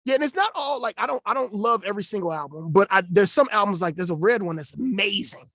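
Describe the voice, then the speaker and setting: A man co-hosting a podcast in casual chat, animated and joking with slangy asides. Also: high voice, quick pace, no echo, clean studio sound. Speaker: podcast co-host.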